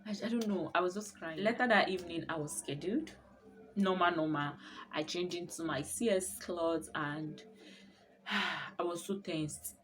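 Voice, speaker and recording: A young woman telling her birth story in a casual vlog, expressive and often laughing as she talks. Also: on the low side, normal speed, slight background noise.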